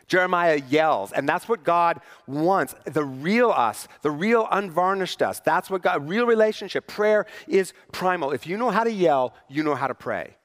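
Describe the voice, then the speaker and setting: A man's voice: on the high side, expressive, moderate pace, hardly any pauses, a bit bright, long reverb tail. Wry, conversational man preaching a sermon. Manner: conversational, wry humor with rhetorical questions. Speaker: pastor. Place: church sanctuary.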